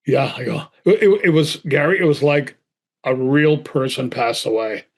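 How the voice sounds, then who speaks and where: A middle-aged man from Boston, an actor telling a story in an interview, acting out both sides of phone calls and stammering when excited. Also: mid-range voice, normal speed. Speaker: actor guest.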